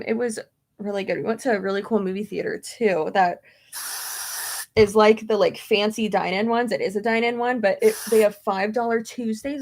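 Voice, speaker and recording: Her medium-pitched voice moves at a normal speed as this young woman answers questions from viewers. The chat is casual and rambling, packed with fillers and side tangents.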